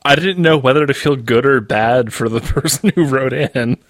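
A man of medium pitch chats on a podcast, adding jokes and asides. His voice sounds close and dry. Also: moderate pace, no room sound. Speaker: podcast co-host. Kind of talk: casual podcast chat.

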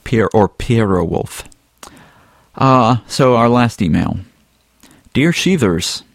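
Brief: male podcast co-host, low voice, dry close mic, laid-back email reader. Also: takes it slowly, creaky, no room sound. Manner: relaxed, chuckling, reads emails aloud. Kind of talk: casual chat.

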